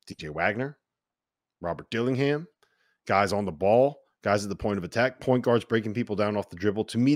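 Male podcast host, deeper voice, dry studio sound, easy laughing, keeps the chat moving. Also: dry recording. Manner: laughs often, steers the conversation. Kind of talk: casual sports podcast chat.

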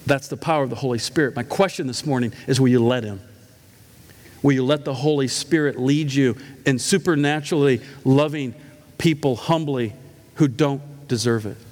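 A man's voice: mid-range voice, normal speed, darkish tone. A middle-aged male pastor preaching a sermon, telling stories with emphatic, humorous asides. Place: church sanctuary. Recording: echoey church hall.

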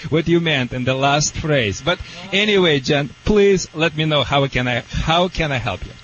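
A man with a Russian accent, a dog trainer giving effusive, flattering advice on a call-in radio show in broken English. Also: fairly high pitch, normal speed, breathy edge. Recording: dull lo-fi radio audio with faint hiss.

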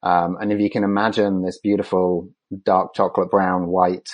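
Low-voiced science guy on a podcast, lots of ums, slow careful explaining. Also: little pitch movement. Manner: measured, many fillers and restarts. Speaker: conservation scientist guest. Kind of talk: interview answers.

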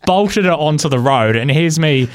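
A man telling a personal story on the radio, animated and lively, laughing along. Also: on the high side, moderate pace, smooth, no room sound. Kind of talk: casual anecdote.

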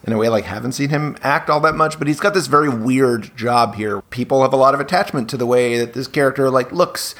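A man's voice: mid-range voice, brisk, hardly any pauses, fairly bright tone. A man in casual podcast chat, speaking hesitantly with many hedges. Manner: hesitant, full of hedges like "sort of" and "like". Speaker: podcast panelist.

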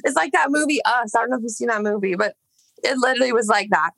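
A young woman from Los Angeles tells a rambling story in a casual chat, peppering it with "like" and curse words. Her voice is bright and gravelly with plenty of vocal fry, recorded close and dry. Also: a little high, fast, no echo, low-quality recording. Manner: rambling, heavy filler "like", swearing. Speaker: singer, podcast guest.

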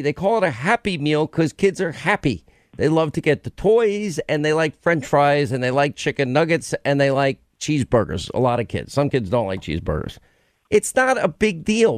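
A man hosts a talk radio call-in show from a dry, close studio mic. His voice sits slightly high. He rants in an animated, exasperated way and talks over callers. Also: dry recording.

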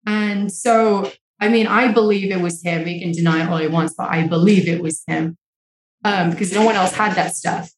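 A young woman talks openly and emotionally, swearing freely and leaning on "like" as she tells her story. Her voice sits at a middle pitch and carries the echo of the room at home. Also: steady tone, moderate pace. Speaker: interview guest. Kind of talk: candid conversational storytelling. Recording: echoey room sound.

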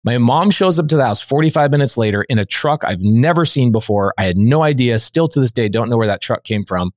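A man, a podcast guest, telling a personal anecdote in a lively, conversational way, dropping "like" as a filler. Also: mid-range voice, a little fast, no room sound, studio quality. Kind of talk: storytelling anecdote.

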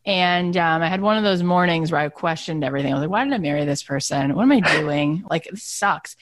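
Animated woman, dry close sound. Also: fairly quick, no room sound. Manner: animated storyteller who acts out quotes in a higher voice. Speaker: co-host. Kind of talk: casual chat.

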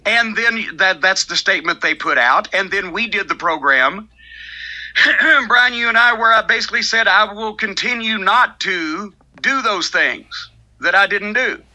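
An older man hosting a podcast, spinning a profane story in loose casual chat. His voice sits high and cuts through with a very bright, forceful edge. He mocks the people he quotes with sharp put-on voices. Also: animated, measured pace, rough recording. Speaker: podcast host.

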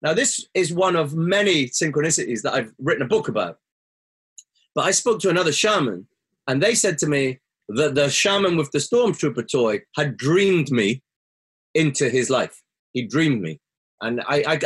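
Man, slightly high voice, breathy husky tone, earnest reflective storytelling, podcast guest. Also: fairly bright tone. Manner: earnest, rises sharply when quoting himself.

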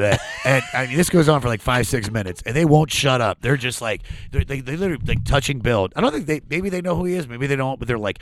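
Storytelling comedian guest, dry studio sound. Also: male voice, mid-range voice, fast, hardly any pauses, no room sound. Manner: animated, laughs often, acts out quotes. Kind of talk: casual storytelling chat.

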